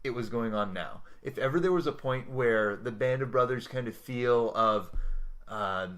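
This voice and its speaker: A man's voice: medium pitch, moderate pace, fairly bright tone. A man co-hosting a podcast, chatting casually about comics and war history with thoughtful tangents. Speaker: podcast co-host.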